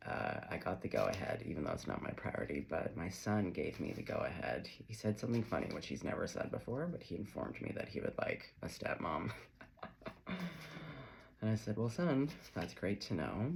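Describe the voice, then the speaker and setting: A man's voice: low voice, creaky, a little hiss or hum. A man giving a casual, chatty tarot reading to camera, wandering off on tangents as he talks. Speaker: tarot reader.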